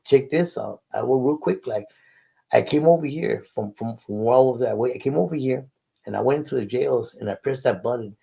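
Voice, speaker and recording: A man's voice: medium pitch, a little fast, gravelly, warm tone, slightly rough, rough recording. An older man, telling a faith testimony in an interview and acting out the dialogue earnestly. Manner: earnest storytelling, acts out dialogue. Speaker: guest.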